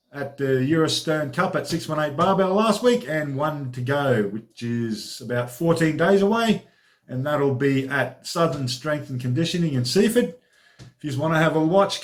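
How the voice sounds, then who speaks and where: Male fitness vlogger, talks a touch higher than most men, casual and chatty, tosses in "alrighty" often. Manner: chatty, informal, upbeat, peppered with "alrighty". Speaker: personal trainer and vlog host. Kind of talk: casual training diary vlog.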